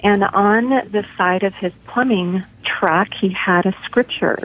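A woman's voice: mid-range voice, takes it slowly. Middle-aged woman on a tinny phone line. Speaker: guest. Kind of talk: sharing a faith story.

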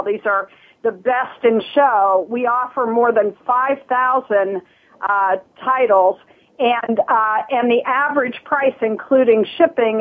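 A woman from Southern Ohio talks earnestly as a guest, breaking off and restarting her sentences with plenty of fillers. Her voice sits a little high and has a husky edge. It comes through a thin, tinny phone line. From Southern Ohio, USA. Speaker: guest, nonprofit leader. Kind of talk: casual interview talk.

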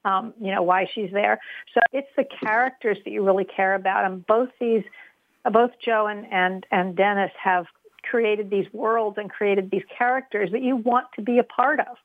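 A woman's voice: mid-range voice, steady tone, moderate pace, no echo. A woman guest giving earnest, thoughtful opinions in an interview. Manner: earnest, thoughtful, many restarts. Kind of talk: casual interview chat. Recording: tinny phone line.

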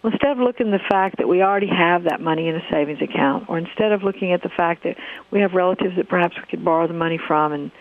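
A woman's voice: on the low side, fast talker. A woman hosting a radio talk show, telling a story in an easy, hesitant way with many fillers. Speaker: radio show host and counselor. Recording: phone-like narrow sound.

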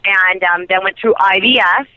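A woman guest in a casual interview, an excitable storyteller who laughs and jumps high in pitch. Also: moderate pace, dry recording, low-quality recording. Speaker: interview guest, soap actress.

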